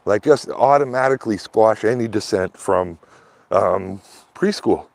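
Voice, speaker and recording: A man's voice: on the low side, a little slow, creaky. A man in a rambling, casual vlog talk, full of "like" and "man", speaking outdoors while walking his dog. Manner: loose and rambling, peppered with "like" and "man". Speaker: vlogger. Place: outdoors, walking a dog through a small town.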